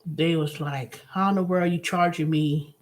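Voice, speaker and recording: A woman hosting her own channel, telling a story in a casual, animated monologue with blunt, profane language. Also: deep voice, moderate pace. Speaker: host.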